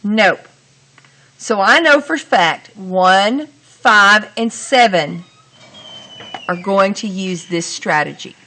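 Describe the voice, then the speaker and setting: Woman teacher, unhurried and bright-toned, walks students through each sentence step by step. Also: medium pitch, lively intonation. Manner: slow, deliberate, talks through each step. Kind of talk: grammar lesson.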